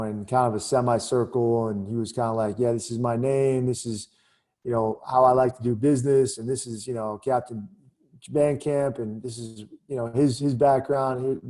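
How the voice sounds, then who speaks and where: A man's voice: mid-range voice, dark tone. A middle-aged man, a former Army captain, telling a candid story in a casual interview, full of "you know" and "man.".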